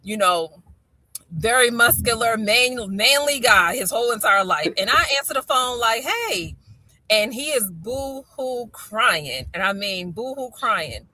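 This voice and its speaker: A middle-aged woman with a Baltimore accent chats as a host and tells stories in a lively way, acting out the lines she quotes. Her voice is bright and forceful. The sound is close and dry. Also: on the high side, measured pace, no room sound. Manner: animated storyteller, acts out quotes. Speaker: podcast host. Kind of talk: casual chat.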